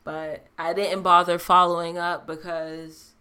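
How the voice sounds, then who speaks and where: A woman's voice: on the low side, little pitch movement, a little slow, bright, forceful tone, clear, resonant tone. A woman co-hosting a casual chat, laid-back and slangy, laughing often.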